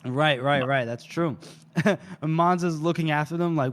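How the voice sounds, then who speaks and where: A man's voice: a little high, moderate pace. A man co-hosting a podcast, animatedly recapping a novel and laughing often. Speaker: podcast co-host. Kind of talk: casual book recap.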